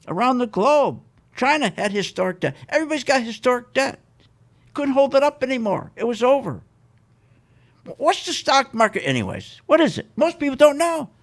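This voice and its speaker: A man hosting a live radio show about investing, ranting with emphatic repetition and a sarcastic, mocking edge. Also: very high-pitched.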